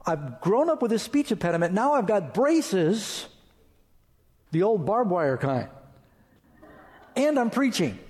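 A man's voice: sits high, very animated, a little slow, pauses often, a little mellow. A man pastor preaching an emphatic sermon and reading scripture aloud. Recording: reverberant hall.

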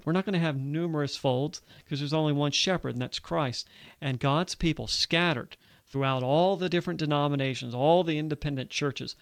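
A man from Alabama, an earnest Bible teacher on a radio show, explaining scripture in conversation and reading verses aloud slowly. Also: fairly high pitch, gravelly, no echo.

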